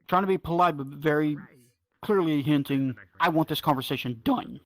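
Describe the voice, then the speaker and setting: Man, fairly high voice, swears a lot, animated storyteller, casual. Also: fast talker. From North Georgia, US. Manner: profane, drawling, animated retelling.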